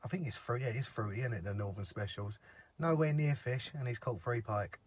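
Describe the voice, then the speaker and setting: Chatty fishing vlogger. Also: male voice, medium pitch, a little fast, breathy edge, dry recording. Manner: chatty, gossipy, swears freely. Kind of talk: casual chat to camera. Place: outdoors by a lake.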